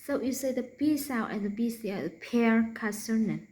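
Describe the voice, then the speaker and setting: A woman's voice: on the high side, animated, normal speed, a little mellow, low-quality recording. A woman with a Vietnamese accent teaching English pronunciation, repeating each consonant sound several times and dropping to a whisper for the unvoiced ones. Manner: demonstrates sounds by repeating them, drops to whispers. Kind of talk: slow explanatory lesson.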